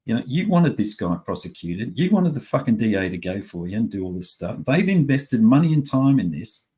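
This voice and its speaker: A man's voice: mid-range voice, sing-song, a little fast, mellow, breathy edge. A middle-aged man, ranting angrily in a profane, rambling monologue.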